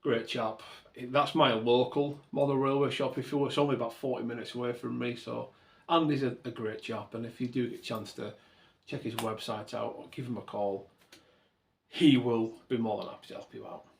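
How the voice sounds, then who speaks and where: A man's voice: mid-range voice, fairly even intonation, normal speed, gravelly. A man hosting his own channel, talking earnestly and thankfully in a rambling way and often correcting himself mid-sentence. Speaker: model railway channel host. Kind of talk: reflective to-camera vlog talk.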